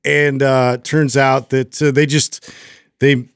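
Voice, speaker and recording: A male podcast co-host rambles through a story in casual chat, full of fillers and animated retellings. His voice sits at an ordinary middle pitch. The sound is dry and close, as in a podcast studio. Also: slow, creaky, clean tone, no echo.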